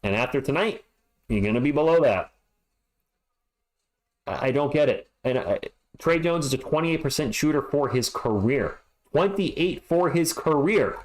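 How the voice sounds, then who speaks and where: A man's voice: fairly high pitch, animated, moderate pace, poor audio. A man hosting a fan livestream, reading halftime stats and chat messages with frustrated, sarcastic commentary.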